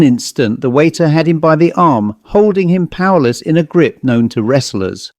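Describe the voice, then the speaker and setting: A man reading a ghost story aloud in a steady, measured way, close to the mic. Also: a little high, no room sound. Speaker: audiobook narrator. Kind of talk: scripted ghost story narration.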